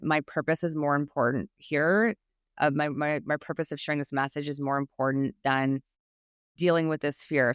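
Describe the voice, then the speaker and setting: An earnest woman guest speaks on a podcast in a clear, smooth voice. She is encouraging and often restarts her sentences. The sound is dry and close, with no room echo. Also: deep voice. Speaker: guest expert on public speaking anxiety. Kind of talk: podcast interview.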